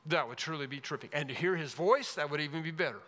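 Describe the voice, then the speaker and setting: A man preaching an expository sermon as pastor, emphatic, rising loud then dropping to a hush. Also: fairly high pitch, quick pace. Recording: long reverb of a large hall.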